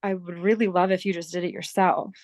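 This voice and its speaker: A woman's voice: lowish voice, steady tone, fairly quick, a little mellow, no room sound. A woman casually telling a story, acting out both sides of a conversation, candid and swearing. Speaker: team member sharing a story.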